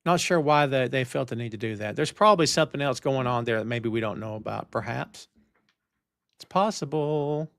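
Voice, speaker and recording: A man's voice: mid-range voice, moderate pace, gravelly, a bit bright, no echo, studio quality. A middle-aged man hosting a live wrestling chat show, ranting and talking straight to his chat. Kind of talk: casual live-stream chat. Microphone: headphones and studio mic.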